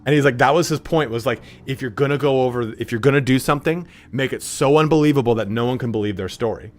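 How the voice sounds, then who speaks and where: While streaming a game, a man with a medium-pitched voice talks at a quick pace, telling profane, rambling anecdotes as casual chat. He acts out the voices of the people in his stories.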